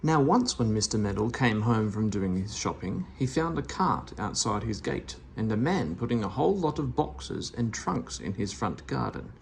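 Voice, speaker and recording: Storybook narrator: expressive, gravelly reader with a very lively pitch. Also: normal speed, few pauses, slight background noise. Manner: expressive, animated. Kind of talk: storybook read-aloud.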